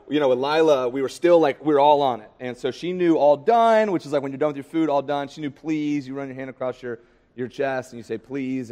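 A man in his thirties, a pastor preaching a sermon in a relaxed, conversational storytelling way with fillers. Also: medium pitch, in a large hall.

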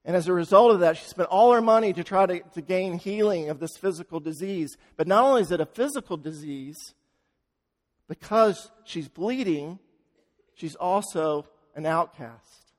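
A high-pitched man preaches a sermon, telling a story dramatically as he swings between loud, fast passages and hushed, slow ones. The recording has a long reverb tail.

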